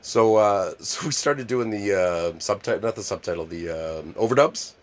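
A man telling wild stories in casual chat, swearing freely and loudly acting out the scenes. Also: lowish voice, moderate pace. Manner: animated storyteller, swears a lot, acts out scenes loudly.

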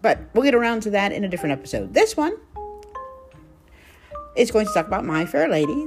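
A woman's voice: medium pitch, very animated, brisk, pauses often, soft background music. A woman hosting her own podcast, chatting casually and with animation, with frequent ums. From United States. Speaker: podcast host. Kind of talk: casual solo podcast chat.

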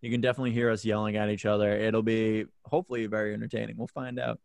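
A man in his twenties hosting a podcast from a home room, loud with mock outrage and swearing freely in casual banter. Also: lowish voice, level tone, racing, creaky, no room sound. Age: 20s. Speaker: podcast host.

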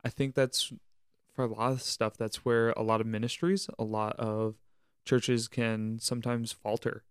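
A man's voice: medium pitch, fairly even intonation, unhurried, clear, resonant tone, no room sound, clean studio sound. A young man co-hosting a podcast, talking earnestly about camp staff, leading by example and faith in everyday life. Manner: earnest, preachy, uses church wording. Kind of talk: casual reflective podcast chat.

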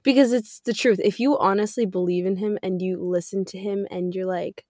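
A woman's voice: medium pitch, steady tone, brisk, darkish tone, dry recording. Young woman rambling heartfelt about faith, dry close sound. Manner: heartfelt, rambling, laughs easily. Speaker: podcast co-host. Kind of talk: casual faith podcast chat.

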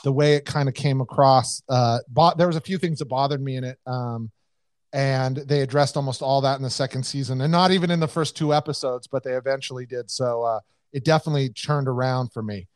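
A man's voice: mid-range voice, fairly quick, dry recording. An American man co-hosting a casual podcast chat, rambling with lots of fillers and restarts. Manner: rambling, many fillers and restarts, laughs often. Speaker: podcast co-host.

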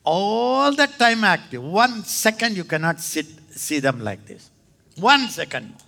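A man preaching a sermon in a slightly high, gravelly voice. He talks slowly, but his pitch swings widely and leaps up into excited cries. He speaks to his listeners as brothers. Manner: animated, jumps into high excited exclamations; addresses listeners as "Thambi" and "Anna".

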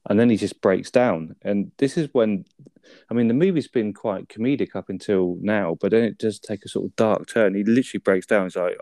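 Low mellow guy chatting about a movie, sweary, lots of "isn't it", dry mic. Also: a little fast, no room sound. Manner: sweary, chatty, tag questions. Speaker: podcast co-host. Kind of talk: casual film review chat.

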